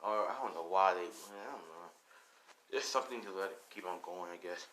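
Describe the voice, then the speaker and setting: A man's voice: low voice, brisk, a bit bright. A young man casually retelling a fan story, rambling and swearing and laughing often.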